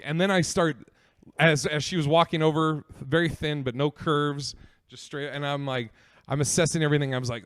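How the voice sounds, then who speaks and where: A man's voice: a little high, a little fast, no room sound, studio quality. A young man hosting a podcast, telling a story in a rambling, profane way with lots of fillers. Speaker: podcast host. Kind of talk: comedic storytelling.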